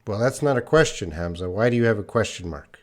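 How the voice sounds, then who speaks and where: A man teaching English in a live online lesson, reading out chat questions, correcting them patiently and speaking slowly and clearly for learners, sounding tired. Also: fairly low pitch, animated.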